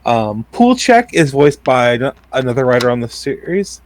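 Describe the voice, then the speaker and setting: A man co-hosting a podcast, sharing episode trivia and opinions in relaxed, filler-heavy commentary. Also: mid-range voice, moderate pace. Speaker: podcast co-host. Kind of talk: casual podcast chat.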